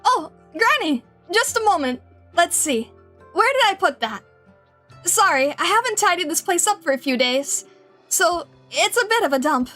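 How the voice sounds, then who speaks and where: A bright, eager young engineer woman, as a streamer puts her on, her voice lifted well above an already high speaking pitch. She apologizes cheerfully for the mess in her game workshop. Faint music plays behind her. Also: very animated, normal speed, heavily acted. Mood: apologetic. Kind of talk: reading game dialogue aloud.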